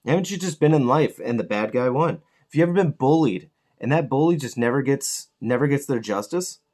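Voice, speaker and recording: A man hosting a miniature painting channel, chatting casually as he paints and ranting with lots of swearing and animated outbursts. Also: mid-range voice, brisk. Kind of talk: casual chat while painting.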